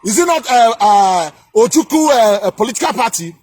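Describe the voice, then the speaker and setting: A man delivering an angry political rant, shouting, scolding and repeating himself. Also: very high voice, animated, fairly quick. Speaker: political commentator.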